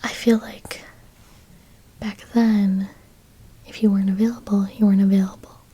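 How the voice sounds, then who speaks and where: A woman's voice: mid-range voice, little pitch movement, moderate pace, warm tone, breathy edge. A woman in her twenties whispering a rambling chat ASMR video, full of fillers and "like"s, in a whispered role-play style. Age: 20s. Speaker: ASMR YouTuber.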